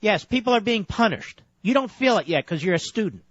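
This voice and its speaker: Insistent high-pitched male radio host. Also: lively intonation, fairly quick, no echo. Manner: lecturing, insistent, cuts the caller off. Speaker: radio talk show host. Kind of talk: combative call-in radio debate. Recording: dull, dry lo-fi radio audio.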